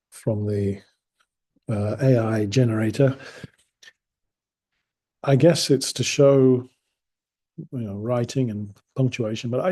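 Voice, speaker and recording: A man from England talks through an English lesson in a casual, meandering way, often stopping to correct himself. His voice is mellow and a little husky, and his humor stays dry. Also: medium pitch. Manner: rambling, self-correcting, dryly amused. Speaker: English teacher.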